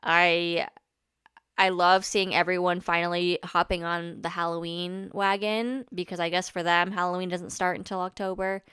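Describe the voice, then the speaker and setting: A woman's voice: fairly low pitch, little pitch movement, moderate pace, a bit bright, smooth, no room sound, clean studio sound. A young woman hosting her own podcast, chatting in a bubbly, rambling way with restarts and small laughs. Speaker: podcast host. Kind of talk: casual solo podcast chat. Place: Orlando, Florida home.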